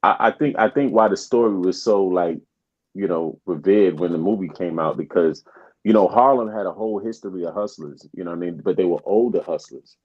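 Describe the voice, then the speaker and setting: A man's voice: sits low, brisk, husky. A man co-hosting a podcast, laying out a story in a laid-back, casual way. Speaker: podcast co-host. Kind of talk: casual chat. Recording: dull lo-fi sound.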